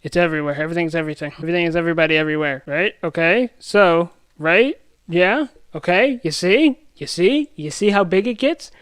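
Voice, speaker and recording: A young man rambling through a pop-culture rant as a YouTube commentator, excitable and full of restarts and self-interruptions. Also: on the high side, a little fast, clear, resonant tone, dry recording.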